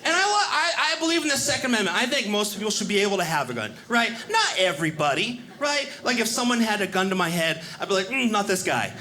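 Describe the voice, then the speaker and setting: High, lively stand-up comedian. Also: male voice, crowd noise. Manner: animated, acts out other people in quick voices. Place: stage before a live audience. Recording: live club recording with audience noise. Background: audience laughter.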